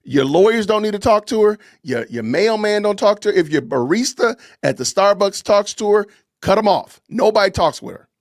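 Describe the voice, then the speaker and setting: A man with a fairly high voice ranting on his podcast, hammering the same commands over and over in a preachy, emphatic way. The sound is dry and close, with no room around it. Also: expressive, normal speed, no room sound. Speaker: podcast host. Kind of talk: impassioned commentary rant.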